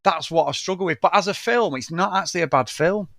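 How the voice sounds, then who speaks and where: A man with a fairly high voice chats loosely and excitably, swearing freely and breaking into laughter. The sound is dry and close, with no room around it. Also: fast talker, creaky, dry recording. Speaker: podcast co-host reviewing films. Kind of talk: casual chat.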